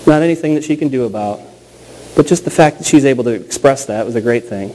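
A pastor in his thirties preaching a sermon in a conversational, storytelling way, slowing down and repeating key phrases for emphasis. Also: medium pitch, warm tone, slight background noise, low-quality recording.

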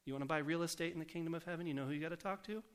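A man preaching a sermon in a conversational way, asking the congregation questions and slowing down to softly repeat scripture. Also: a little high, smooth. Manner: slows down and softens for scripture quotes.

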